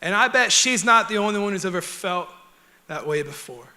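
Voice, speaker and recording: A young man preaches in a church, his voice sitting high and ringing bright. He talks earnestly and conversationally, often dropping to soft, close tones. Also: animated, moderate pace. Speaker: pastor. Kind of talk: sermon. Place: church auditorium.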